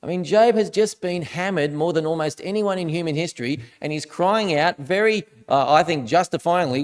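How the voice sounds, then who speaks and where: A man with a high voice gives a sermon in a relaxed, chatty manner. He reads scripture aloud and leans hard into the dramatic lines. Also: normal speed, hardly any pauses. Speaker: minister.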